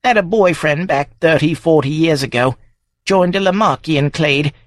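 A woman's voice: deep voice, moderate pace, dry recording, pitched above the performer's own voice, lightly acted. A man voicing a wily, blunt woman smallholder over seventy, with sly, clipped country speech. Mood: shrewd. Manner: sly, clipped rural speech, fond of swearing.

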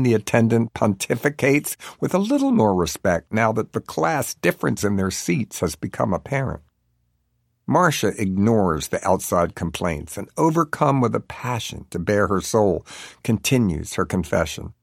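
A man reads an audiobook chapter in a wry, deadpan way. His voice is low with a gravelly rasp. The recording is dry and close, with no room sound. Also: normal speed, no echo. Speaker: narrator. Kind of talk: audiobook narration.

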